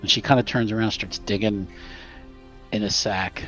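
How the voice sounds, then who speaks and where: A man narrating as game master of a tabletop game, in a relaxed, halting way. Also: lowish voice, dull audio, faint music behind.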